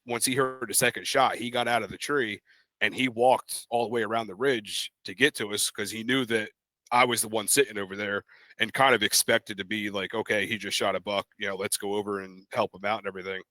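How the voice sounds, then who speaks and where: Bright-voiced young man telling a story. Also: fairly low pitch, fairly quick, no room sound. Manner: animated, acts out quoted voices in his stories. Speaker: podcast co-host. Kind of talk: casual storytelling.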